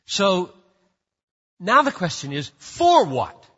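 A man's voice: sits high, huge pitch swings, slow pace, a bit bright. A man preaching a sermon as pastor, emphatic and building to fervent declarations. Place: church sanctuary. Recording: dull sound with long church reverb.

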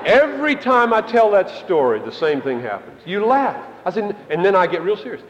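A high-pitched male preacher delivers an impassioned sermon, his voice leaping up into ringing declarations and dropping into hushed asides. His pitch swings widely as he drives each point home, and a long reverb trails every phrase through the large church hall. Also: sing-song, brisk, few pauses. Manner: impassioned, rising and falling between loud declarations and hushed asides.

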